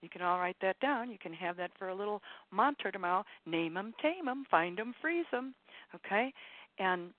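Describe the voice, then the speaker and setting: A woman's voice: lowish voice, no room sound. A woman spiritual teacher giving an encouraging, rambling talk on a call-in show, repeating her points with many fillers. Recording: tinny phone line, dry.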